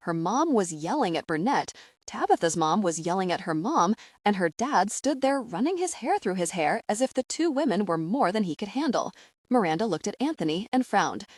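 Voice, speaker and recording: A woman narrating an audiobook in a gentle storytelling manner. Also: mid-range voice, big pitch swings, moderate pace, no room sound, clean studio sound.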